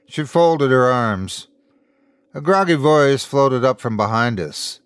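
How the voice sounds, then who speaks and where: A man's voice: mid-range voice, unhurried, dry recording. A man narrating a scripted horror story as host, in a dry, close recording. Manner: storytelling, expressive.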